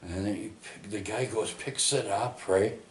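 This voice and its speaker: Slow, deep-voiced man rambling. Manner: halting, many restarts, tag questions like "eh" and "right". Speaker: storyteller giving testimony. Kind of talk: rambling personal testimony. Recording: echoey room.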